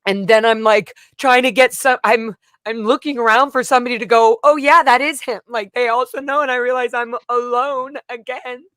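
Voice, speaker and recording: A woman's voice: a little high, steady tone, moderate pace, few pauses, fairly bright tone, clear, resonant tone, dry recording, clean studio sound. A woman vlogger telling a personal story in a casual, rambling way, full of "like" fillers. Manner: rambling, emotional retelling with frequent "like" fillers. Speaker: vlogger recounting a personal event.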